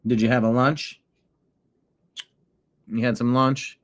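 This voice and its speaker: A man hosting a casual online commentary show from his home desk, chatting and talking to his cat between stories. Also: medium pitch. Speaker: host.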